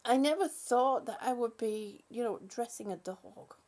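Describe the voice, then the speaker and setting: A woman talking casually to her small dog as she dresses it, coaxing and affectionate, often quiet and laughing. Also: fairly high pitch, a little slow. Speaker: vlogger.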